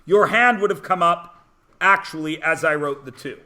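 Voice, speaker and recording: A male math teacher with a high, bright voice, lecturing a class in a classroom. He talks briskly and teases his students, and he keeps checking in with rhetorical questions.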